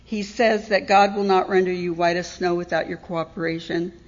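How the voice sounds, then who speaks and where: A woman's voice: lowish voice, fairly even intonation, moderate pace. A middle-aged woman giving a candid, wry personal testimony at a recovery meeting, often laughing at herself. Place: meeting hall. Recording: dull audio in a reverberant hall.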